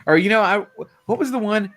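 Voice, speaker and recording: A man's voice: high-pitched, a little fast, fairly bright tone. A man in his forties hosting a late-night livestream, chatting casually, laughing often and swearing freely. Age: 40s. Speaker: livestream host.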